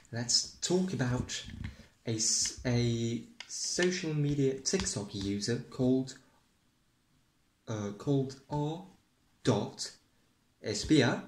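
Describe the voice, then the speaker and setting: Man, mock news presenter, drawling and deadpan, very slow, echoey room. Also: medium pitch, slight background noise. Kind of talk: comedic mock newscast.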